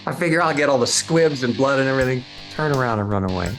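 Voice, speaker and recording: A man's voice: medium pitch, expressive, fast, over loud music. A man telling a wry anecdote about working on a film. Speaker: actor telling a story.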